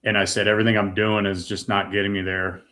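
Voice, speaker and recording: Man, middle-aged, low voice, earnest, raw, emotional personal testimony, stumbles on words. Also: flat delivery, fast talker, sharp tone. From United States. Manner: earnest, raw, repeats words when moved. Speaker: guest.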